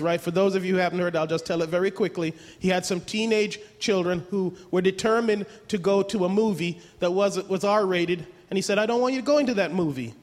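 High-voiced man preaching in a hall. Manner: emphatic, rhetorical questions, repeats words. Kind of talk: sermon. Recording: long hall reverb.

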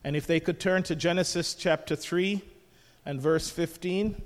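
A man's voice: fairly high pitch, fairly even intonation, unhurried, long reverb tail. An older man preaching a sermon as pastor, jovial and conversational, asking the congregation questions.

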